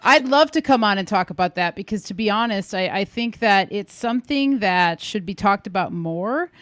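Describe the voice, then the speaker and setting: A woman's voice: medium pitch, lively intonation, moderate pace, no echo, clean studio sound. A woman guest in a live online chat, speaking earnestly and openly.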